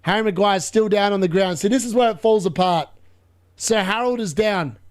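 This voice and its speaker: A man streaming a live football watchalong, chatting, laughing, reading the chat and bursting into shouted play-by-play when the action picks up. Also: sits high, moderate pace. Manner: excitable, bursts into shouted play-by-play at big moments; chatty, laughs often, reads chat aloud.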